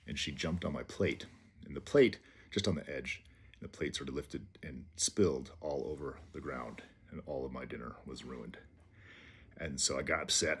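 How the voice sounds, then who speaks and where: Very deep husky man telling a story. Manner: rambling, halting anecdote with fillers. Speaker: vlogger. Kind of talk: casual storytelling. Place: small low-ceilinged home.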